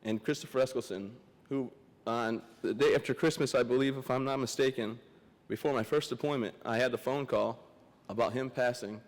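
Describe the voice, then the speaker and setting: A young man from Michigan speaks at a podium, his voice teary and emotional but plain-spoken. His pitch sits in an ordinary middle range. Each line rings out with the long reverb of a large hall. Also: steady tone, fairly quick. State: tearful. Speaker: guest speaker. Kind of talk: memorial speech.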